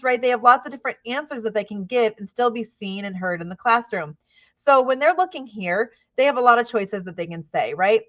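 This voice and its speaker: A woman teacher with a fairly high voice walks other educators through her method in an upbeat, conversational way. She keeps tagging her points with "right?" and slips into the bright questioning tone she uses with young children. The sound is a little dull and lo-fi. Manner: upbeat, frequent "right?" tags, models classroom questioning. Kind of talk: teacher training presentation.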